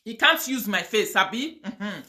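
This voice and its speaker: Woman, Nigerian accent, bright voice, fiery chanting, live video rant. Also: medium pitch, lively intonation, measured pace, a little hiss or hum. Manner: fiery, chanting curses and prayers, mixing pidgin. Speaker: online video host.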